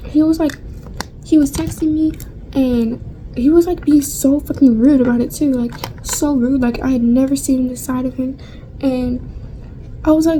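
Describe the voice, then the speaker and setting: A woman's voice: high-pitched, steady tone, normal speed, dark tone, a little hiss or hum, rough recording. A young woman vlogger chatting casually through a storytime while getting ready, rambling with lots of fillers and casual swearing.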